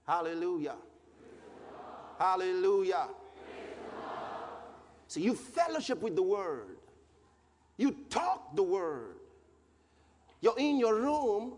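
High-voiced, fervent male preacher. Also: husky. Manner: fervent, emphatic preaching with repeated phrases and shouted peaks. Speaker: pastor. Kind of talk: sermon. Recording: long hall reverb, faint background noise.

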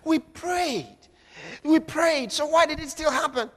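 High-pitched, impassioned preacher. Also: male voice, a little slow. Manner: impassioned, swinging from hushed to shouting. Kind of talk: sermon. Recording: reverberant hall.

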